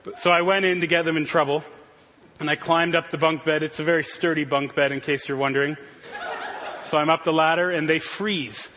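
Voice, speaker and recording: A man's voice: fairly high pitch, steady tone, fairly quick, bright, forceful tone, a little hiss or hum. A man in his thirties preaching a sermon, telling stories in an earnest, conversational way. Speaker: pastor. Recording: reverberant hall.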